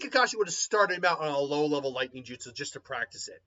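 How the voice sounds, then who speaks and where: Rambling, bright-voiced man storyteller; casual fan retelling, muffled lo-fi recording. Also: a little high, a little fast. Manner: rambling, animated, filler-heavy.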